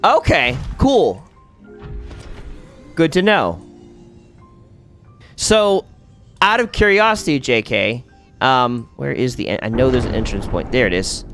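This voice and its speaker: Man, casual game-stream host, animated rise and fall in his voice, chatty, thinks out loud, faint music underneath. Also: medium pitch, slow, long pauses. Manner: chatty, thinks aloud while playing and answers viewers. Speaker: streamer hosting a faith-based gaming stream. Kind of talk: casual live-stream chat while gaming.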